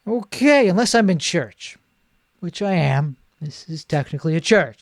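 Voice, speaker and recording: A male comedian in a solo monologue, rambling in a deadpan way and correcting himself mid-sentence. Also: high-pitched, moderate pace, no room sound, studio quality.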